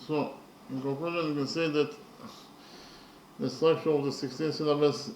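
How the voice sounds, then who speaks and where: A man teaching poetry in a slow, methodical lecture, counting syllables carefully and pausing often with fillers. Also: on the high side, steady tone, a little mellow, reverberant, slight background noise, low-quality recording.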